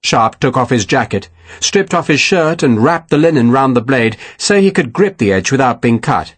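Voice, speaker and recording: A man reads an audiobook in a husky voice with a lot of rise and fall in pitch. The sound is dry and close, and his telling is steady and expressive. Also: moderate pace, no echo. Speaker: audiobook narrator. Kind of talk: scripted narration.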